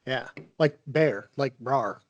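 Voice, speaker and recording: A man's voice: medium pitch, takes it slowly, dull audio. A man co-hosting a podcast, chatting over drinks in a laid-back way, laughing often and cracking dry jokes. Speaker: podcast co-host. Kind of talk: casual chat over drinks.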